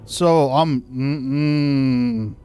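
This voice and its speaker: A man's voice: medium pitch, steady tone, drawn-out words, warm tone, clear, resonant tone, faint music behind. A man livestreaming casual chat while hauling cargo, telling a story in an exasperated, profane way. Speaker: live streamer. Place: in a moving vehicle.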